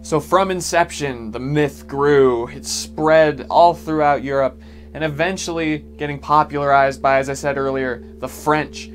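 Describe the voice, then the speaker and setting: A man's voice: a little high, fairly even intonation, a little slow, faint music behind. A man narrating a history vlog, joking and irreverent between facts. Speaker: video essay host.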